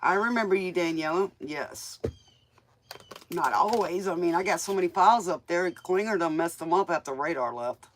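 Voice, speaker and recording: A woman's voice: on the low side, normal speed. A woman with a smoky voice, chatting in a folksy, rambling way as she reads tarot cards for viewers on her show. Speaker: tarot reader and DJ host. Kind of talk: casual live tarot reading chat.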